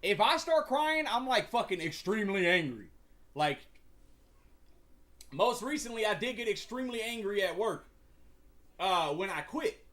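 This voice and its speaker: A man's voice: sits high, very animated, a little slow, pauses often, a bit bright. A young man hosting a livestream, chatting casually in a slangy, profane, rambling way with frequent stumbles. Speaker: livestream host.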